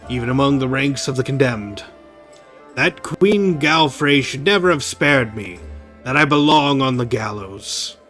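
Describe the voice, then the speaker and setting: A man's voice: mid-range voice, fairly bright tone. A man reading aloud as a gloomy, guilt-ridden disgraced male crusader in a video game, in a weary, heavy tone.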